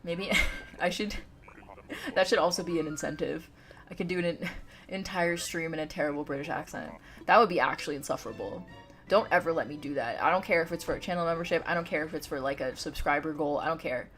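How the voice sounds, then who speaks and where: A woman's voice: deep voice, fast, fairly bright tone, soft background music. A woman live-streaming a game from home, chatting and giggling as she talks straight to her chat. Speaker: livestreamer.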